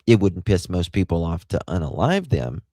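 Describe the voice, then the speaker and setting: A man's voice: low-pitched, sing-song, moderate pace, warm tone, no room sound. A man with an Appalachian accent hosting a live stream, rambling casually and greeting chat viewers by name.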